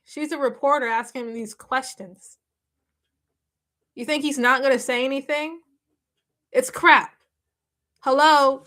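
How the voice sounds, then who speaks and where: Stream host: woman, high bright voice, emphatic casual chat, laughs a lot. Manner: emphatic, repeats herself, laughs often. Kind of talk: casual reaction chat with viewers.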